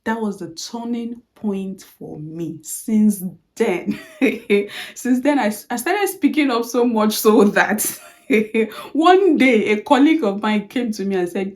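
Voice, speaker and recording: A woman's voice: mid-range voice, slow. A woman telling a personal story in a motivational talk, acting out the lines of the people she quotes. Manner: animated storytelling, acts out quoted dialogue. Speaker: motivational speaker.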